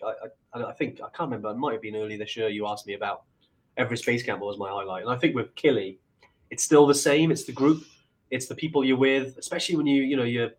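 A man in easygoing conversation, his voice at a middling pitch. He wanders through his thoughts with frequent restarts and fillers. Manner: rambling, with many restarts and fillers. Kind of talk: casual chat.

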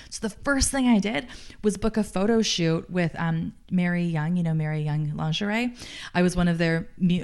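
A woman in her late thirties with a warm, fairly low voice and vocal fry speaks earnestly and thoughtfully as an interview guest. The talk is casual, and she often uses "like" as a filler.

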